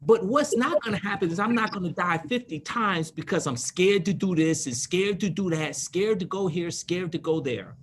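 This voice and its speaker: A man's voice: high-pitched, moderate pace, few pauses, a bit bright, slight background noise. A man in his fifties, an attorney on a panel, telling stories emphatically and repeating words to drive points home. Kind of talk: panel discussion.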